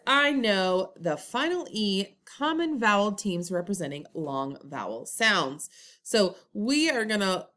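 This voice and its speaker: A woman leads a recorded phonics lesson for first graders. She talks extremely slowly, stretching her words in a sing-song way. Her pitch rises and falls a great deal, like a teacher coaxing young learners. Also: a bit bright. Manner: slow, drawn-out, sing-song teacher talk. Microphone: computer recording.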